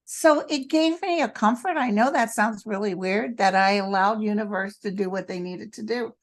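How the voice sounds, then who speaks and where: A woman co-hosts a relaxed spiritual chat with a mid-range voice. She speaks earnestly and jumps in with her own anecdotes. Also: mid-range voice, moderate pace. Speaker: podcast co-host.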